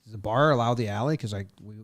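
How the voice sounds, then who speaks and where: A man co-hosting a casual baseball chat show, playful and animated as he runs through player stats. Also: fairly low pitch, fast talker, dry recording. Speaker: podcast co-host.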